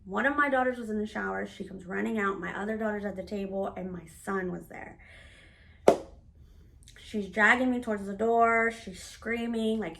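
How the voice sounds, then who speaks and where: A woman's voice: medium pitch, moderate pace, gravelly. Candid woman in her thirties telling a story. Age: 30s. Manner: candid, animated retelling with quoted dialogue. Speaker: vlogger. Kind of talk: personal storytelling to camera.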